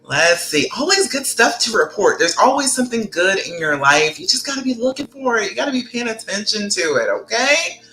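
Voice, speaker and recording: A woman relationship coach chatting live with viewers, greeting them by name and reading out their comments, her voice leaping up high when she gets excited. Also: a little fast, roomy sound, slight background noise, rough recording. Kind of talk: live-stream chat answering viewers.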